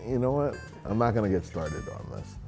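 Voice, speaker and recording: A man's voice: lowish voice, lively intonation, brisk, over music. A young man answering interview questions while drinking, rambling, profane and tipsy. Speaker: interview guest. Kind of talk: drunken casual interview.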